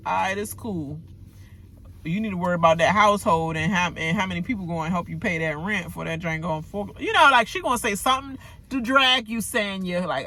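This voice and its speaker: A woman's voice: fairly low pitch, a little fast. A woman, ranting casually in slang while recapping a reality show and acting out its cast. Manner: animated, slangy, acts out the cast members' lines. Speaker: recap vlogger.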